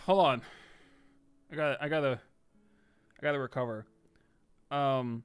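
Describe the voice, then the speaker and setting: A man chatting casually on a live stream, reading viewer comments and swinging between loud excited outbursts and soft asides. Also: on the high side, moderate pace, long pauses, smooth, no room sound.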